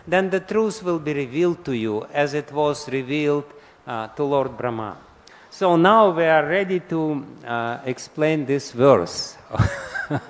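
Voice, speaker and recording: Male spiritual lecturer, fairly high voice, in a big echoing hall, asks the room questions. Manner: asks audience questions and answers them, chuckles often. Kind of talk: scripture lecture. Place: large temple hall. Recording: long hall reverb.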